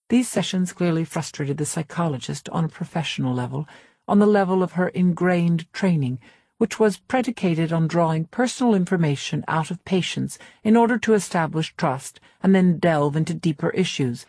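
A woman narrating a novel in the first person, in a measured, reserved way. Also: lowish voice, darkish tone, dry recording, clean studio sound. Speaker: audiobook narrator. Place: recording studio. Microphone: close studio mic.

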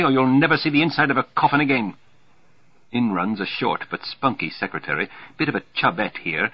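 A man narrating a novel aloud in a dry, wry, steady manner. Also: sits low, slightly rough, no room sound. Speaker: audiobook narrator. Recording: dull lo-fi recording.

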